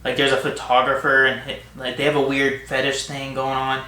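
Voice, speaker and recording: A man talks through a film review in a loose, rambling way, often restarting his sentences. His voice is bright and forceful. The room around him is echoey. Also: medium pitch, monotone, fairly quick. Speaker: co-host of a couple's film review. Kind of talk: casual movie review chat.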